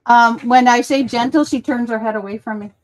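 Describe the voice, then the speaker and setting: A woman with a fairly high voice chatting casually on a crafting stream. She tells stories in a relaxed, chatty way and keeps turning aside to coo baby talk at her dog over the video call. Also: a little fast, over music. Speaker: co-host of a crafting livestream. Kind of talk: casual chat.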